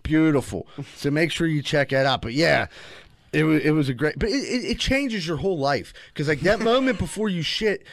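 A young man telling crude stories in a casual chat, rambling and animated, full of filler words. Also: on the high side, moderate pace.

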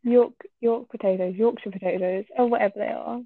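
A woman's voice: on the high side, steady tone, brisk, vocal fry, a little hiss or hum. A woman from England, co-hosting a casual chat in a teasing, giggly way. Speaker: podcast co-host. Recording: tinny phone-like line.

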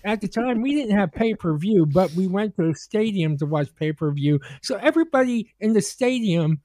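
A man's voice: sits high, animated, moderate pace, dark tone, no echo. A man co-hosting a casual podcast, talking hesitantly with many fillers and some swearing. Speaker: podcast co-host. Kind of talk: casual banter.

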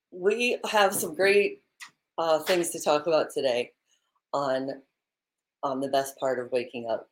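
A woman's voice: low-pitched, steady tone, measured pace, long pauses. A woman co-hosting a morning live stream in a bubbly, chatty way, laughing often, talking into a laptop microphone. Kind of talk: casual live-stream chat.

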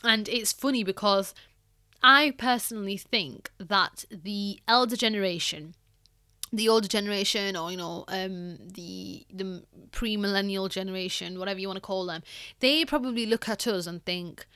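A woman's voice: medium pitch, moderate pace, bright, forceful tone, clean tone, no room sound, studio quality. A young woman hosting a podcast, telling a personal story in a chatty way, full of "like" and "you know". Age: young adult. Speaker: podcast host.

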